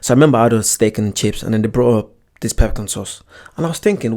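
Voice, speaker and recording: A man hosting a reaction video, chatting casually in a relaxed, rambling way and repeating himself. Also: medium pitch, rapid-fire.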